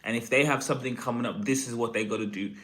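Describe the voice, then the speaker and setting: Relaxed man telling a sales story. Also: medium pitch, quick pace. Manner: relaxed, confident, loose anecdotal delivery. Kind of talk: casual storytelling.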